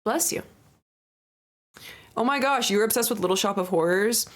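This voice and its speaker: A bubbly, playful woman streams a game and chats casually with her viewers at a normal pace, slipping into baby talk, swearing offhandedly, and squealing high when something excites her.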